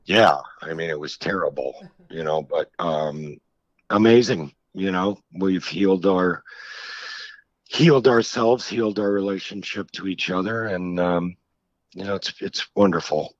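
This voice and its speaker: A middle-aged man speaks slowly in a low, deep voice, recounting his life frankly and reflectively, often restarting his sentences. The sound is dry and a bit dull, like lo-fi audio. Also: no room sound. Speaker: author guest. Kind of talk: candid interview conversation.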